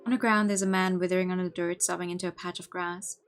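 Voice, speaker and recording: A woman's voice: lowish voice, level tone, fast talker, faint music behind. Young woman streamer reading a game aloud. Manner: rambling, stammering asides.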